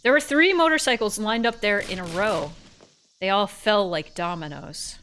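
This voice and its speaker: A woman streamer reading a visual novel aloud, laughing often and breaking off into animated chat. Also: medium pitch, normal speed, heavy background noise. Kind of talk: narrating a story and chatting.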